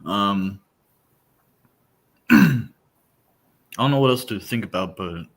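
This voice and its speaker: A man's voice: on the low side, animated, takes it slowly, vocal fry, a bit bright. A man talking as a podcast guest, hesitant and full of fillers, searching for what to say. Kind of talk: casual sports talk.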